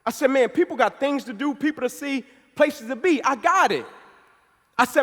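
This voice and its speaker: High-voiced man giving a motivational speech. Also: lively intonation, normal speed. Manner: passionate storytelling, building to forceful emphatic peaks. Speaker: motivational speaker. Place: event hall. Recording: speech in a reverberant hall.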